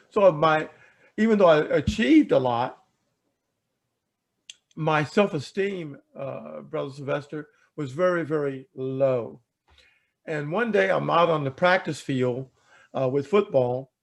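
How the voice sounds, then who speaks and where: A man telling a personal story in an animated way, asking rhetorical questions and repeating words as he talks. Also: fairly high pitch, gravelly. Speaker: speaker telling a life story. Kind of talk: storytelling talk.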